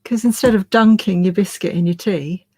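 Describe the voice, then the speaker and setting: A woman's voice: medium pitch, moderate pace, a little mellow, husky, no echo, clean studio sound. A woman co-hosting a live stream, easygoing and laughing often as she reads viewer messages. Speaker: co-host reading out viewer messages. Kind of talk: casual live chat.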